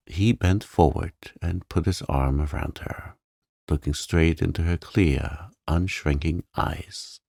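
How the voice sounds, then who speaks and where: Deep, gravelly, slow-reading man. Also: no echo, clean studio sound. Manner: gentle, soothing, softly spoken. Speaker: sleep story narrator. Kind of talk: calm scripted narration.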